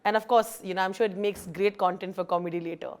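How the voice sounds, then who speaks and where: Brief: female interviewer, mid pitch, halting questions, lots of ums. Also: fairly even intonation.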